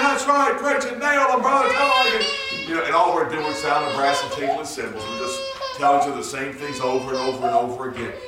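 A man preaching a sermon, swinging from low murmurs to shouted high cries. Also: background noise. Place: church sanctuary. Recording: roomy church recorded from far off.

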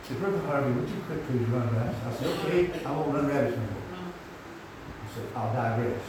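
A man preaching a rambling, folksy sermon that climbs into shouts. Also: medium pitch, quick pace, background noise. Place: church. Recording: echoey hall from far off.

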